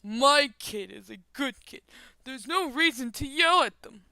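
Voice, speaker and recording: A woman voicing an angry, entitled father who loudly demands answers from a bus driver, with a slight Southern twang. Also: high voice, measured pace, clear, resonant tone, no echo, voice pushed up. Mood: angry, indignant. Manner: loud, demanding, indignant.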